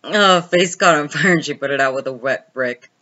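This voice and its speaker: A woman's voice: sits low, moderate pace, pushed and bright, muffled recording. A woman hosting a casual late-night live stream, reading viewer comments aloud, laughing often and telling stories. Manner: chatty storytelling.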